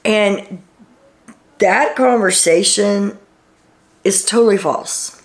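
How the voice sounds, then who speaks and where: A woman's voice: mid-range voice, slow. A woman from Texas with a Texan accent, hosting a casual reality TV recap show and giving blunt, opinionated commentary. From Texas, USA.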